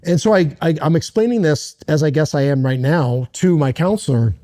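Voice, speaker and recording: A middle-aged American man who once served as a Navy SEAL shares a personal story as an interview guest, speaking haltingly and earnestly with many restarts. His voice sits a little high and has a dark tone.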